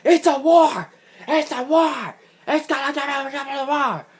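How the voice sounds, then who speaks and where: A man imitating a furious older male coach who shouts and rants at a much higher pitch than his own voice. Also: moderate pace. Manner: ranting, high and shouted.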